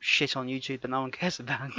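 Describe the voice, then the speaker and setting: A man's voice: mid-range voice, normal speed, gravelly, sharp tone, no echo. Male podcast co-host, chatty and self-correcting, dry and slightly dull sound. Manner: rambling, self-correcting, laughs often. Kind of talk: casual podcast chat.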